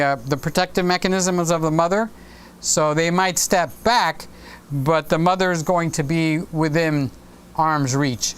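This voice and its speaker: A man's voice: on the high side, smooth. A man in his sixties hosting a casual live stream, rambling chattily and reading viewer comments aloud. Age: 60s.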